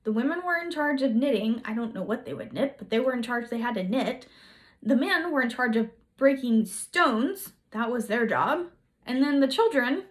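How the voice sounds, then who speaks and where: A woman's voice: fairly high pitch, lively intonation, normal speed. A woman telling history in a casual, chatty way, full of sarcastic, playful asides. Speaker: history video host.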